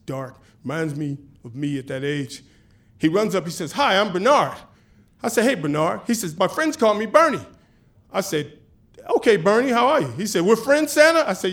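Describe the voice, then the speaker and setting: A man telling a personal story on stage, animated and casual, acting out the dialogue. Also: sits high, moderate pace. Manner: animated, acts out dialogue with voices; casual, chatty with swearing.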